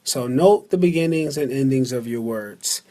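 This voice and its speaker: A man with a warm, mid-range voice teaches a beginner language lesson accompanied by a slideshow. He speaks slowly and with care, repeating words for practice.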